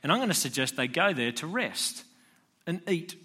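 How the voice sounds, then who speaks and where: A man's voice: a little high, very animated, moderate pace, sharp tone, slightly rough. A man preaching a sermon in a conversational style, posing rhetorical questions to his listeners. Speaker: pastor.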